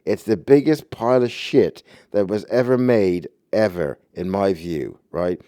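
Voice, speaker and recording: A man's voice: sits low, measured pace, mellow, clean tone, no echo, studio quality. A man ranting about a movie in a profane, agitated, rambling way.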